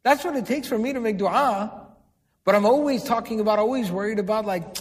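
A man delivers a sermon in a high, clear register, pausing to ask his listeners questions and repeating key words for emphasis. His voice carries a long reverb from a large hall. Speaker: Islamic preacher.

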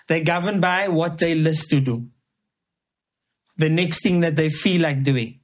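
A man teaching a Quran commentary lesson. He recites verses in Arabic, then explains them word by word, drawing listeners in with rhetorical questions and everyday examples. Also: a little high. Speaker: Islamic teacher.

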